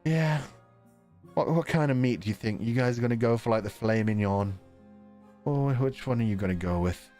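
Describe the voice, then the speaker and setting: A man's voice: mid-range voice, moderate pace, a little mellow, faint music behind. A male streamer giving casual, joking game commentary, swearing freely and laughing often. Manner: joking, profane, laughs a lot.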